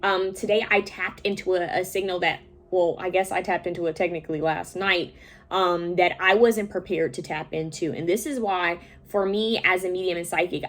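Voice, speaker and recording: Young woman psychic chatting to her viewers, kinda low voice, rambly, keeps saying okay. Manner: rambling, conversational, often checks in with "okay?". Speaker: psychic medium and tarot reader. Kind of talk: casual talk to viewers.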